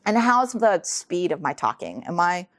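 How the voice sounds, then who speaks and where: A middle-aged American woman giving an earnest lecture, full of ums, speeding up when excited. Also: lowish voice, a little slow, no echo. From United States. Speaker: guest speaker. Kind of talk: lecture talk.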